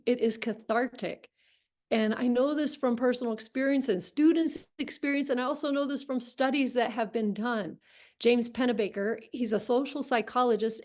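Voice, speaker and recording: A woman with a fairly high voice guides a writing workshop over a video call. She speaks gently and reflectively and keeps encouraging the group. Her tone is warm and reassuring as she invites everyone to write.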